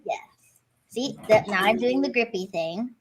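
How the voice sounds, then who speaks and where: Soft-spoken woman, kinda high voice, chatting about her cat. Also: expressive, unhurried, over a noisy crowd, poor audio. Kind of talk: casual chat.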